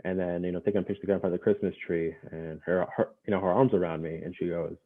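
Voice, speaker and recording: A young man, a podcast guest, telling a story in a relaxed, casual way, full of fillers and quick laughs. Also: low voice. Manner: relaxed, laughs often, many fillers like "you know". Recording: tinny phone-like line.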